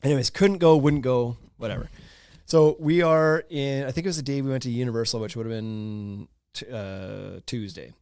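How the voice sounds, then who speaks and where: A man's voice: mid-range voice, moderate pace, smooth, dry recording, clean studio sound. A man in his thirties hosting a podcast, telling a story in a loose, laughing way with lots of fillers. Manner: animated, laughing, many fillers. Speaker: podcast host. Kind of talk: casual storytelling.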